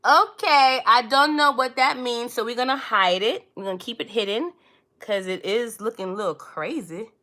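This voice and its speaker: A woman's voice: a little high, moderate pace, pushed and bright. A young adult woman in hosting a casual livestream, talking loosely and rambling with frequent laughs. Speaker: livestream host.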